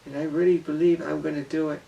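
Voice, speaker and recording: A male vlogger, gravelly and fairly high-voiced, speaks fast in an earnest, emotional personal monologue that keeps circling back and repeating words. His voice is mellow with little pitch movement. He's a little away from the mic, sounding distant, and the audio is dull.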